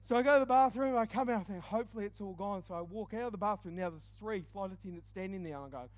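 A man delivers a lively storytelling sermon. His voice sits high for a man. He booms one moment and goes quiet the next. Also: rapid-fire, hardly any pauses, dry recording. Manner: animated, swings from loud exclaims to hushed asides. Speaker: preacher.

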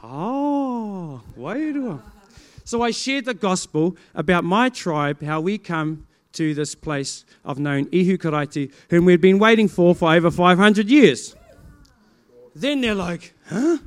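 A middle-aged male pastor with a New Zealand accent tells his congregation a story. He acts out both sides of each conversation and now and then breaks into loud exclamations. His voice sits high and rings smooth and clear. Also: a little slow. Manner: animated storytelling, acting out dialogue, bursts of loud exclamation. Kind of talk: preaching testimony to a congregation.

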